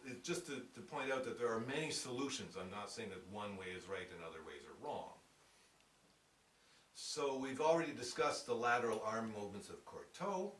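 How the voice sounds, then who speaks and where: A man's voice: medium pitch, a bit bright, slight background noise. A man teaching piano technique in a lecture, speaking thoughtfully and acting out short quotes to make his points. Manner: thoughtful, demonstrates with acted-out quotes. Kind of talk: lecture presentation. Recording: roomy sound from a distance with piano.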